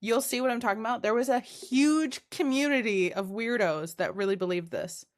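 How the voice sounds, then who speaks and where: A woman's voice: fairly high pitch, moderate pace. A young woman co-hosting a podcast, chatting casually with frequent swearing and laughter. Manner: swears a lot, laughs often, animated storytelling. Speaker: podcast co-host. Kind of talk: casual chat.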